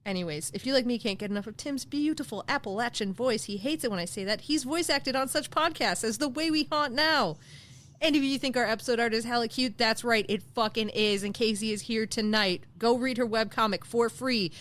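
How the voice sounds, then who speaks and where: A woman co-hosting a podcast, reading a playful outro with mock threats and quick jokes. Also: fairly high pitch, a bit bright. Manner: mock-threatening, jokey plugs. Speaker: podcast co-host.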